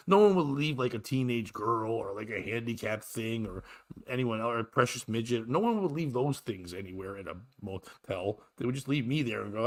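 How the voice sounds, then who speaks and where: A man's voice: mid-range voice, lively intonation, brisk. A middle-aged man hosting a solo podcast, telling a crude, exasperated story in a ranting manner. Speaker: podcast host.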